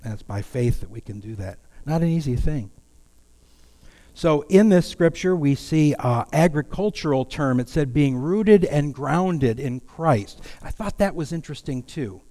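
A man's voice: a little high, expressive, a little slow, mellow, big-room sound. A man preaching a sermon in a folksy, self-deprecating way, with light humor. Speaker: pastor.

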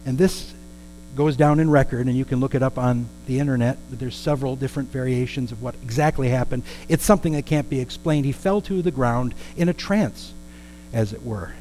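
A man's voice: mid-range voice, brisk, dark tone, slight background noise, poor audio. A man preaching a storytelling sermon in a conversational way, with asides and questions to the congregation.

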